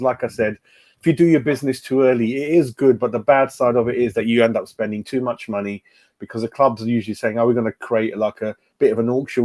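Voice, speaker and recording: Hosting a relaxed fan channel livestream, a middle-aged man with a warm, medium-pitched voice talks chattily. He welcomes viewers by name and frequently says things twice as he goes.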